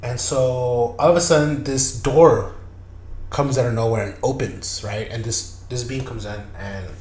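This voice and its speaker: A man's voice: mid-range voice, steady tone, a little slow, a little mellow, reverberant, a little hiss or hum. A man hosting a podcast, telling a strange story in loose, profane, repetitive casual chat. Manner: loose, profane, repeats himself. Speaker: podcast host.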